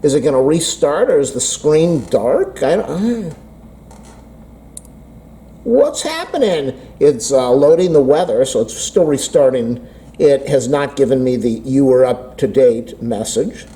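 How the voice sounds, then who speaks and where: The man rambles on about a phone update in a casual vlog, poking fun at himself as though talking to himself. A camera mic across an indoor room captures his expressive, fairly high, dark-toned voice at a measured pace, in low quality.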